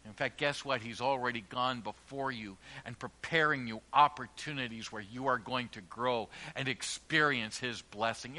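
Forceful, bright-voiced male pastor preaching. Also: medium pitch. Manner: earnest, emphatic preaching with slowed stressed phrases and trailing quiet endings. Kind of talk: sermon. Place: church.

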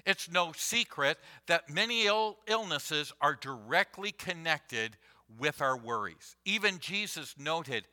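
Bright-voiced, slow-preaching pastor. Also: male voice, on the high side, lively intonation. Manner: deliberate, emphatic preaching with repeated phrases. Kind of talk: sermon.

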